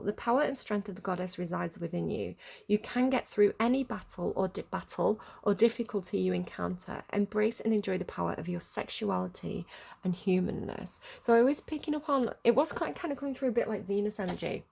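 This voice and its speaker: Gravelly woman giving a tarot reading. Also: medium pitch, darkish tone. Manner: rambling, chatty, swears freely. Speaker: tarot reader. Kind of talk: casual tarot reading monologue.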